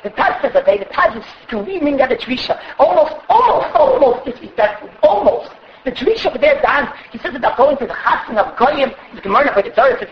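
A woman giving a religious Torah class, speaking with passion, often rising to a shout and acting out the conversations she quotes. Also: high voice, animated, brisk, reverberant, dull audio. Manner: impassioned, often raising her voice to a shout. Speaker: religious teacher.

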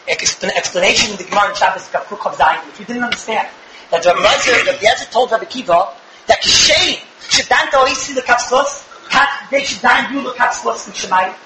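A young man giving an animated religious lecture to a live audience, firing rhetorical questions with bursts of shouting. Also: sits high, reverberant, noisy background. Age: young adult. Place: room with an audience.

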